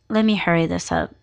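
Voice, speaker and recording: Slow, gravelly-voiced woman podcaster. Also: lowish voice, bright, forceful tone. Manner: candid and emotional, swears freely. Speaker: podcast host. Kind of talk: personal storytelling monologue.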